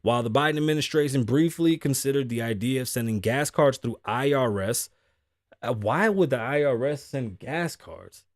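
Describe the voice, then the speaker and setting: A man's voice: medium pitch, lively intonation, normal speed, no echo. Young male host, casual profane commentary over read-out news, dry and close. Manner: blunt, profane, riffs on stories with acted quotes. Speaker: podcast host. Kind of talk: casual commentary, reading news stories aloud.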